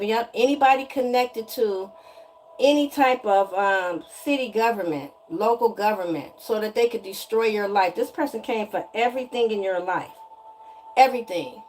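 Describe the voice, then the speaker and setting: A woman's voice: mid-range voice, a little mellow. A woman giving a spiritual energy reading straight to the viewer in a sassy, chatty way, often asking "okay?". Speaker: tarot energy reader.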